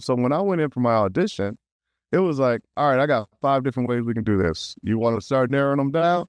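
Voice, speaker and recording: A middle-aged male voice actor, a guest in an interview, telling a story in an animated way and acting out quotes with big jumps in pitch. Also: brisk, dry recording, studio quality.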